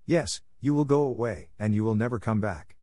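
A man's voice: lowish voice, moderate pace, dark tone, no echo, clean studio sound, lightly acted. A man voicing a brave young male mongoose who speaks eagerly and defiantly in a storybook reading.

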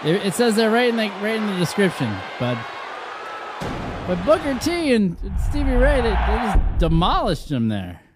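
A man streaming a wrestling video game, reacting loudly and swearing casually as he calls the moves. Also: sits high, wildly swooping pitch, moderate pace, music in the background. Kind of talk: excited gameplay commentary. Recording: game crowd and sound effects loud behind the voice. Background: loud wrestling game crowd and impacts.

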